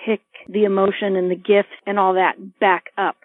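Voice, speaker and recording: A woman hosting a podcast interview, speaking in a measured, reflective way. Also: mid-range voice, little pitch movement, dry recording. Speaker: podcast host. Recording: phone-like dry line.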